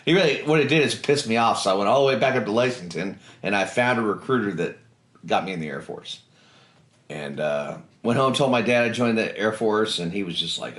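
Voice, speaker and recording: A man in his forties with a Kentucky accent, a veteran telling his story in an interview in a blunt, profane, animated way. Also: on the low side, fairly quick. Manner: blunt, profane, swerves into animated impressions of others. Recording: echoey room.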